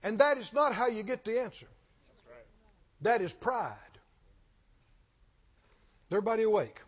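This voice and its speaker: A male preacher with a very high, lively voice who speaks slowly and leans hard on each point. The sound is dull and lo-fi, with a long reverb trailing off in a big hall. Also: slightly rough. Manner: slow, emphatic preaching with rising intensity. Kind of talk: sermon.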